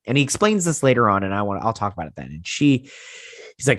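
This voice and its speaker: A man hosting a casual episode recap and review, rambling through it in an animated way and leaning on "he's like" retellings. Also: medium pitch, fast talker, no echo, studio quality. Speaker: host.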